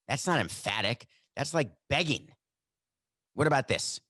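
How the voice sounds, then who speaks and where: A man's voice: mid-range voice, very animated, moderate pace, a bit bright, breathy edge, dry recording. A man hosts a sports talk podcast in a sarcastic, mock-dramatic monologue. His voice sits in a middle register, and the desk mic is close and completely dry. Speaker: podcast host. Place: desk at home studio.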